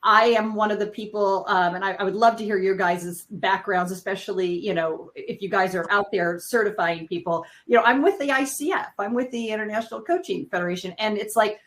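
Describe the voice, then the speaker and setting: A middle-aged woman hosting a live panel discussion, talking with restarts and quick asides. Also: medium pitch, a bit bright, rough recording. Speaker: panel host.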